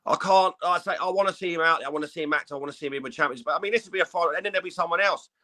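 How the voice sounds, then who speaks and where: A man's voice: on the high side, very fast, sharp tone. A man co-hosting a casual boxing podcast, sounding fed up, stammering and swearing. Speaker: podcast co-host.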